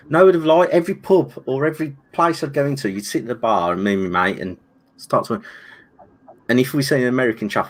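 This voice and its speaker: A man's voice: mid-range voice, quick pace. A man with a Birmingham accent, co-hosting a casual chat and telling rambling stories with lots of restarts. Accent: Brummie. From England. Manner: rambling, animated storytelling with restarts. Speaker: co-host.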